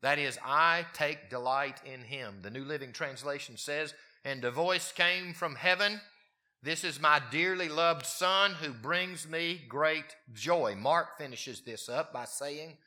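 A man preaching a sermon, his voice moving from quiet, low passages up to emphatic, raised peaks. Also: a little slow. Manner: wide swings in pitch and loudness, rising to emphatic peaks. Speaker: pastor.

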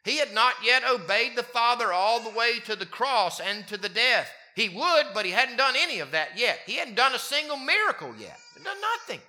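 A man preaching a sermon, his voice moving from quiet, low passages up to emphatic, raised peaks. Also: sing-song, moderate pace, hardly any pauses. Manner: wide swings in pitch and loudness, rising to emphatic peaks. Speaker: pastor.

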